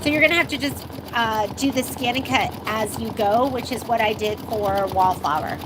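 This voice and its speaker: A high-voiced woman runs a casual live sewing demo from her shop. She talks in a loose, chatty way, answering viewer questions and often laughing. A sewing machine hums through clear background noise. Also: normal speed, few pauses. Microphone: handheld phone while filming.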